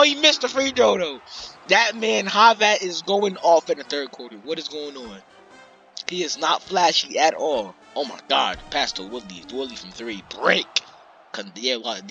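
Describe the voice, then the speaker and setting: A young man giving casual, excitable play-by-play commentary on a basketball game, swearing and trash-talking the players. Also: on the low side. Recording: slightly muffled lo-fi audio, faint background noise.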